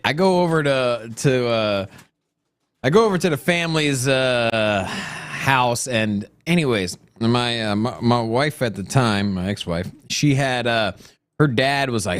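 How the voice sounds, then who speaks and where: A man's voice: mid-range voice, a little slow, fairly bright tone, no echo. A man co-hosting a casual chat, telling a long rambling story, laughing often and talking loosely. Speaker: co-host.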